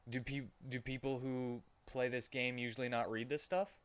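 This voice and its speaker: A man's voice: medium pitch, level tone, normal speed, fairly bright tone. A young man streaming a game, reading its text aloud and breaking off for playful, jokey asides. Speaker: gaming streamer.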